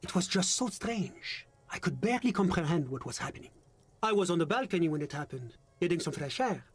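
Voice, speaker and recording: A man's voice: a little high, sing-song, fairly quick, husky. A man voicing a smug, evasive game character with a pompous, flowery way of talking. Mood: recounting.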